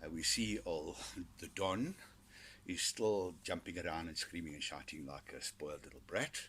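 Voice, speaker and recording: A man's voice: deep voice, normal speed, fairly bright tone, a little hiss or hum. A South African man hosting a podcast, rambling through sardonic, foul-mouthed commentary. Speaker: podcast host. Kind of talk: casual solo commentary.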